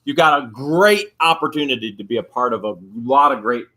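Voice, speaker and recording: A man from the United States co-hosts a casual live stream. His voice is bright and forceful. He banters playfully and teases his co-host. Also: mid-range voice, expressive, fairly quick. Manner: joking, teasing banter.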